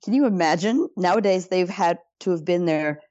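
Low mellow-voiced woman, dull lo-fi sound. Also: normal speed, no room sound. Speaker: podcast co-host. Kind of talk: casual chat with trivia asides.

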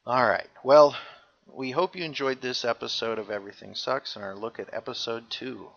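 A man's voice: mid-range voice, normal speed, vocal fry, fairly bright tone. A man co-hosting a podcast in a jokey, chatty way, in a dull lo-fi recording. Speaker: podcast co-host. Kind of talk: casual chat.

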